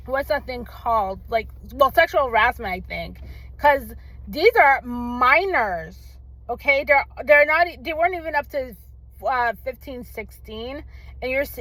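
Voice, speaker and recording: A woman's voice: on the high side, fairly bright tone, no room sound, low-quality recording. A young woman in a casual vlog, heatedly ranting about a documentary, swearing often and speaking with emphatic outbursts. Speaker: vlogger reacting to a documentary. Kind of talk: casual angry rant.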